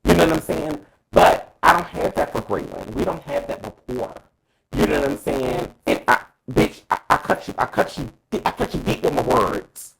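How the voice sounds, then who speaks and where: A man's voice: medium pitch, expressive, moderate pace, creaky, fairly bright tone, poor audio. A man co-hosting a casual talk show, giving a dramatic, emphatic, profane opinion and calling co-hosts by name. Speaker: co-host.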